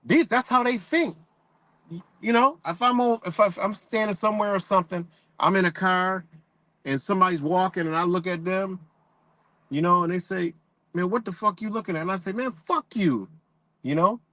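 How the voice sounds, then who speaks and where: A man's voice: sits high, brisk, sharp tone, no room sound. A man hosting a live stream, ranting bluntly in profane street talk and greeting viewers in the chat. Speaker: livestream host. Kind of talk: casual live-stream rant.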